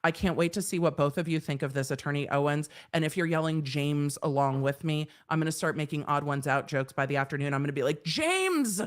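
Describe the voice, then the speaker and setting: Middle-aged woman lawyer hosting a live stream; loose, chatty, animated, swears casually. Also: deep voice, quick pace, hardly any pauses.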